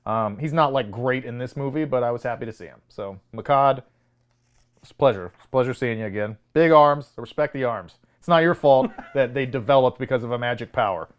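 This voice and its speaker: A man with a mid-range, fairly quick voice co-hosts a film podcast in casual review banter. He mocks movie dialogue, laughs often, and quotes lines in a flat, dramatic voice.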